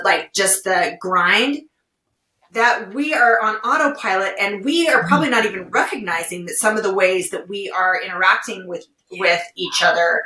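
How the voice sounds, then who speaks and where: A woman guest on an interview podcast, talking casually and telling stories expressively. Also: medium pitch. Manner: expressive storyteller, animated retellings. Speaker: podcast guest, legal well-being director. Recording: roomy, distant-mic sound.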